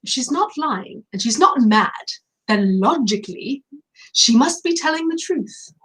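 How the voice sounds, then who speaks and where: A woman putting on a British accent to voice a calm, reasoning elderly male professor. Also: a little high, measured pace, voice pushed up.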